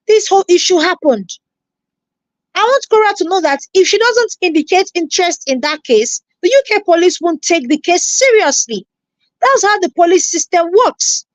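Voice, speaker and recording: A woman's voice: very high voice, no echo. A woman with a Nigerian accent reacting on a live stream, scolding and repeating herself as she greets viewers.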